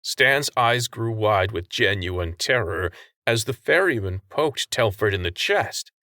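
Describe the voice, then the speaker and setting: Bright, dry-voiced male narrator. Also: fairly low pitch, expressive, unhurried, dry recording. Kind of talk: audiobook narration.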